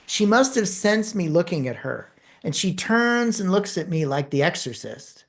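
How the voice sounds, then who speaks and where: During a course lecture, this woman, who trains people in speaking and communication, uses lively storytelling and pauses for emphasis. Her voice is on the low side.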